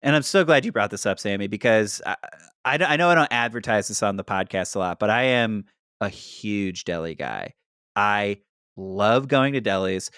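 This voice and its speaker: A man's voice: lowish voice, moderate pace, smooth, dry recording. Male podcast co-host, casual movie review, laughs a lot, dry close sound. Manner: animated, swears, laughs often, acts out quotes.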